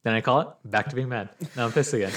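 A young man in casual sports chat, telling animated stories and acting out what others said. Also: mid-range voice, fast. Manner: animated storytelling, acts out quotes.

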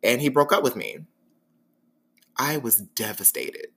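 A man's voice: medium pitch, a little slow, vocal fry, breathy edge. A man hosting his own podcast, talking frankly and dramatically about his life in a candid monologue. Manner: dramatic, expressive storyteller; frank and sassy. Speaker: podcast host.

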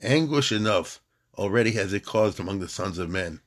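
A man reads out an old rabbi's lines in a solemn, measured poetic recitation. The low voice stays close to the reader's own. It sounds like a poem being read to a class. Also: animated. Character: aged devout rabbi defying death, male.

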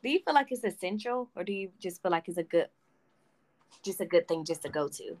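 A woman with a slightly low voice hosts a casual interview. She asks curious, loosely phrased questions and fills her speech with casual fillers. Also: animated, fairly quick, darkish tone, poor audio. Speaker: podcast host.

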